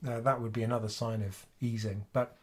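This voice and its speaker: Man, sore throat, relaxed finance host, thinking aloud at home. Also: medium pitch, brisk. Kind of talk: casual livestream commentary.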